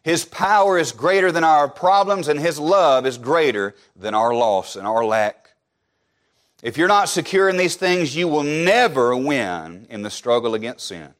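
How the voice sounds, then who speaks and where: A man preaching a sermon, emphatic and repetitive, firing off rhetorical questions and dropping to soft, low asides at the ends of phrases. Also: lively intonation, measured pace.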